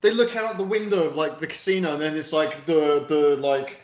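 A man's voice: a little high, steady tone, reverberant, highs cut off. A man co-hosting a film review podcast, rambling and swearing in casual chat. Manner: rambling, swears, quick asides. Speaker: podcast co-host.

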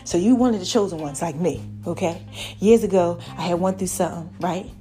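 A woman's voice: lowish voice, a little fast, warm tone, soft background music. A woman, telling a Bible story in a casual sermon style and often asking "right?". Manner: chatty, keeps asking "right?". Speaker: podcast host.

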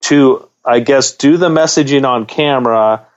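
A man's voice: medium pitch, unhurried. Man, podcast co-host, casual chat, blunt, cursing, dull audio. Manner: blunt, swearing, repeats words while thinking.

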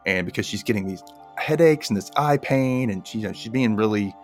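Over soft background music, a man with a lowish voice talks fairly quickly, casually recapping a TV episode with a co-host. He's animated, often acting out the characters in a raised voice.

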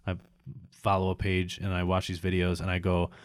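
A man's voice: low voice, completely flat delivery, moderate pace, clear, resonant tone, no echo, studio quality. A man in his thirties chatting casually, rambling and swearing a lot as he mocks himself. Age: 30s. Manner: rambling, profane, self-mocking. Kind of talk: casual chat.

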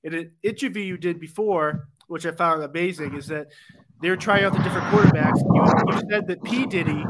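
A man's voice: high voice, fairly quick, very noisy. A man hosting a podcast, asking long, rambling questions with hesitant restarts. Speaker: podcast host. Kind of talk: interview questions.

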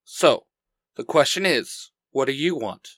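A calm, steady young hunter who speaks softly and kindly, as a man reads him. The voice is slightly high for a man and sounds close and dry. It fits a storybook leader. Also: normal speed, dry recording. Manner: calm, soft-spoken.

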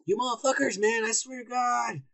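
A man co-hosting a podcast, loud and profane, who teases and shouts through drunken banter. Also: very high voice, fairly quick, creaky. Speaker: podcast co-host.

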